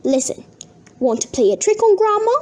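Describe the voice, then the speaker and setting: A woman's voice: extremely high pitch, big pitch swings, normal speed, a little mellow, voice pushed up. A woman voicing a cheeky, mischievous young boy with a rude, taunting way of talking.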